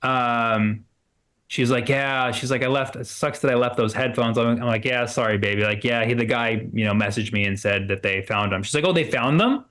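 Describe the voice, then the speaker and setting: Male stand-up comic, mid-pitched, rambling delivery, many restarts, plays both sides of the dialogue. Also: flat delivery, moderate pace, a bit bright. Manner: acts out both sides of conversations in quoted dialogue. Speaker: stand-up comedian. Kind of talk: stand-up set on a livestream.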